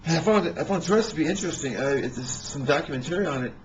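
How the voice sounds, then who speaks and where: A man telling rambling personal stories in a halting way, with many restarts and fillers. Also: a little high, animated, highs cut off, slight background noise.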